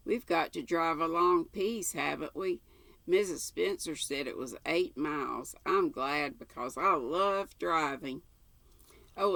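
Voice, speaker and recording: A woman's voice: deep voice, creaky, a bit bright, no echo, full character voice. An older woman reading aloud and voicing a chatty, imaginative orphan girl in a breathless, eager, rambling way.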